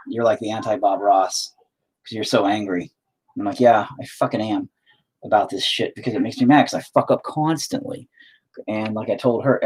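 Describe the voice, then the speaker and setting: A man talking casually to himself while he paints, swearing constantly, self-critical, dropping into mutters and then flaring up loudly. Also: fairly low pitch, husky. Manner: drops into whispers and mutters, then flares up loudly. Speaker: painting streamer.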